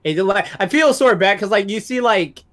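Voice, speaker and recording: A man co-hosting a podcast in casual chat, retelling scenes in a profane, animated way. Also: sits high, a little fast. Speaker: podcast co-host.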